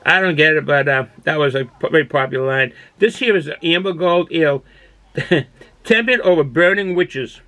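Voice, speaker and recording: An older man with a thick Boston accent rambles through a casual beer review, folksy and full of filler words and false starts. His voice sits a little high for a man. The sound is dry and close, with no room echo. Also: normal speed, pushed and bright. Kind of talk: casual product review monologue. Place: cool home den he calls a man cave.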